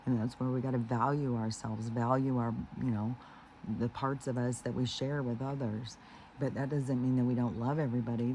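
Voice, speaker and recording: Rambling, mellow-voiced man musing on spirituality. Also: mid-range voice, slight background noise, rough recording. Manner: meandering, heavy with fillers and restarts; earnest, slows down on key phrases. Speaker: spiritual vlogger.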